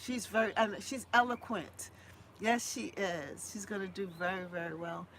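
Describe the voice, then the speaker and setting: A woman's voice: medium pitch, steady tone, normal speed, vocal fry, a little hiss or hum. A woman hosting a live gardening stream, chatting with viewers in an effusive way and singing a little jingle, recorded on a phone. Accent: Boston. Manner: warm, effusive, sings a homemade jingle. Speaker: gardening channel host.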